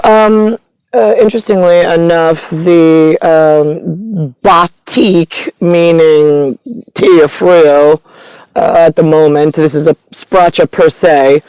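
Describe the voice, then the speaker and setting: A woman's voice: fairly low pitch, a little mellow, clean tone, no room sound. A woman talking in a disjointed, meandering monologue, full of fillers and stray foreign words. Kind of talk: rambling monologue.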